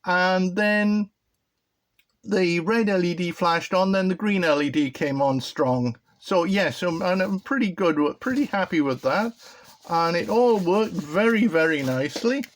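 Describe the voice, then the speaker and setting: Slow, hesitant British man. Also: high voice. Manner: hesitant and rambling, with frequent ums and restarts. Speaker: hobby electronics video host. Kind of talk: casual show-and-tell of a finished project.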